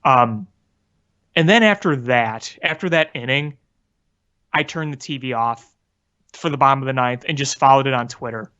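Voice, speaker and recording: A man's voice: medium pitch, moderate pace, pauses often, bright, forceful tone, clean tone. A man, co-hosting a sports podcast and telling a story earnestly, poking fun at himself. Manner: earnest storytelling, self-deprecating. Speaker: podcast co-host. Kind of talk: casual sports chat. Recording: dull lo-fi audio.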